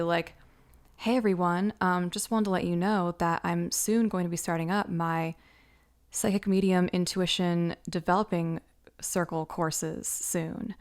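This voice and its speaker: A woman's voice: on the low side, smooth. A woman casually telling a personal story, chatty and loose, with lots of "like" and "um" fillers. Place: Los Angeles.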